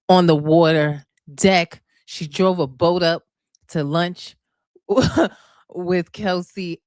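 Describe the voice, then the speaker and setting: A woman's voice: deep voice, clear, resonant tone, no room sound, clean studio sound. A woman chatting casually to her viewers, recapping a reality show and gushing about the cast, calling them y'all and honey. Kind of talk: casual chat.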